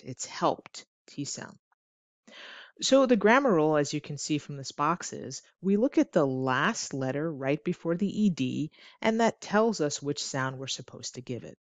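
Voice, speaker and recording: Low-voiced woman teaching pronunciation. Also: no echo. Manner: clear, deliberate, stretches example words slowly. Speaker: English teacher. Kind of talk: pronunciation lesson.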